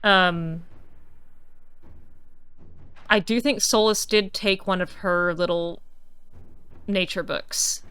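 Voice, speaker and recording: Woman gamer, casual commentary, bright tense tone, dry close sound, chatty with playful mock indignation. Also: lowish voice, steady tone, slow, pauses often, clean tone, no echo. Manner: chatty, musing aloud with playful mock outrage. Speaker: let's-play streamer.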